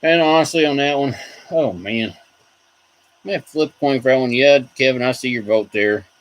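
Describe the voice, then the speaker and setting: A man's voice: mid-range voice, moderate pace, poor audio. A man hosting a casual video, rambling about collectible figures and reacting to viewer comments. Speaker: toy collector host. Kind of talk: casual chat.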